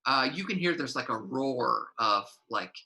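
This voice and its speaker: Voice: medium pitch, animated, unhurried, creaky, sharp tone, low-quality recording. A game master narrating a tabletop game casually, rambling with many fillers.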